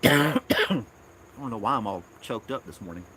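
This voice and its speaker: A man's voice: medium pitch, animated, moderate pace, a crowd in the background. A man from Tennessee, hosting a casual live stream outdoors in his backyard, rambling and chuckling often.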